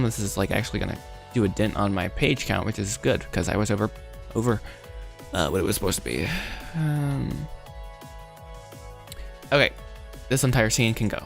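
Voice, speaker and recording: A man livestreaming as he rewrites his animated film script, thinking aloud in a rambling, self-deprecating way that easily goes off track. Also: fairly low pitch, moderate pace, soft background music. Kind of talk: casual live-stream thinking aloud.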